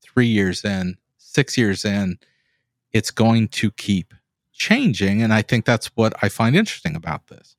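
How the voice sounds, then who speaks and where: A man's voice: lowish voice, sing-song, measured pace, dry recording, clean studio sound. A man co-hosting a podcast, earnest and reflective, cutting in to make his point. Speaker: podcast co-host. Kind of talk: conversational interview.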